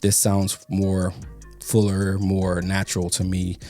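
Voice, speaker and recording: Casting note: deep-voiced man, relaxed tech reviewer, faint music underneath. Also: slow. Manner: relaxed, explanatory, repeats words while thinking. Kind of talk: casual product review. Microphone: studio microphones being compared.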